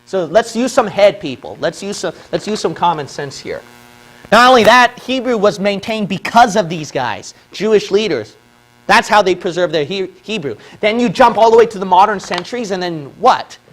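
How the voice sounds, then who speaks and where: A man from the Philippines lectures in a high, light voice. He argues his case step by step and keeps checking in with "okay?" after each point. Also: lively intonation, moderate pace, fairly bright tone. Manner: argumentative, repeats points with "okay?". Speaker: religious video presenter. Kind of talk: lecture on a whiteboard.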